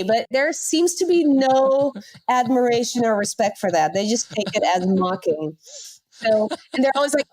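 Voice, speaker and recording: A woman's voice: fairly high pitch, expressive, moderate pace, a little mellow. A woman telling a funny story about herself as a podcast guest, wry and self-deprecating. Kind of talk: humorous anecdote.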